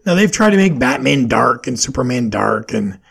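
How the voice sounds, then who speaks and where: A man's voice: mid-range voice, very animated, normal speed, gravelly, fairly bright tone, husky. A man hosting a solo podcast, talking through his opinions in a questioning, rambling way with plenty of fillers. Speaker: podcast host.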